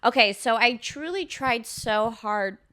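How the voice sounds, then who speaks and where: Young female co-host, crisp and bright tone, sarcastic chatter full of fillers. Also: fairly high pitch, animated, a little slow. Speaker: podcast co-host. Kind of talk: casual chat.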